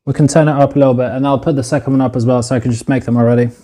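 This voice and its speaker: Filming himself on a phone while cooking in his home kitchen, a man chats casually in a live stream, cursing freely and addressing viewers as "boys." His medium-pitched, dark-toned voice is fairly even in intonation and very fast.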